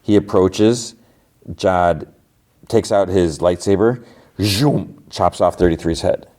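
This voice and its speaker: A man's voice: low voice, slow, dark tone. A man hosting a podcast, casually recapping a TV episode and quoting the characters. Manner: retells scenes with quoted voices, many fillers like "like". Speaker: podcast host.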